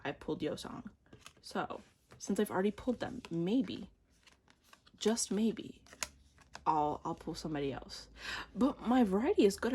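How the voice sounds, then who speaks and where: A young woman doing a casual unboxing vlog, gushing and excitable, with gasps and slang. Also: lowish voice, slightly rough. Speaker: vlogger.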